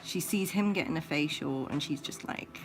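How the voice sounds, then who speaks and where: A woman livestreaming as she grooms her pet rabbit at home, talking in soft cooing baby talk and sometimes dropping to a whisper. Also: sits low, normal speed, soft background music.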